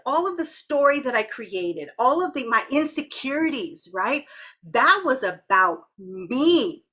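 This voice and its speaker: Woman, podcast co-host, bright voice, slightly high, candid, laughs a lot. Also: sing-song, a little slow. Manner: candid, laughs often, swears freely. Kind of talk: casual chat.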